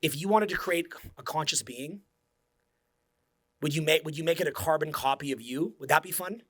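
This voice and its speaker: A man's voice: on the high side, normal speed, fairly bright tone, breathy edge. A man in his forties, a social skills coach, giving an intense, profane motivational speech that drops to near-whispers. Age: 40s.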